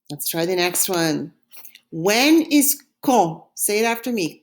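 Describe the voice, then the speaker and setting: Lady teacher doing a recorded lesson, bouncy expressive pitch, says words slow n clear so you can repeat. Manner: slow, clear model pronunciation with repeat-after-me drills. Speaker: French teacher.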